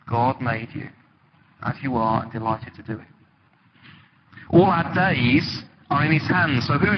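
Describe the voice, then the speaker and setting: A man preaching a sermon in a church, conversational and animated, telling stories with sudden dramatic emphasis. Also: on the high side. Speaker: pastor. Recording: dull, lo-fi with loud background noise.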